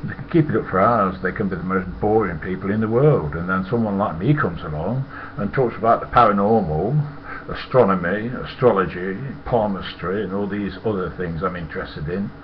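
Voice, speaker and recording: Man, former lorry driver, blunt, profane, rambling, lowish voice, muffled lo-fi sound, faint room noise. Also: a little fast. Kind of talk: casual storytelling monologue.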